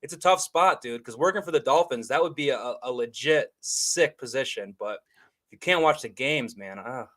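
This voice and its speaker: A man's voice: medium pitch, lively intonation, normal speed, fairly bright tone. A man co-hosting a casual sports chat, laid-back and getting fired up at times. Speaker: co-host.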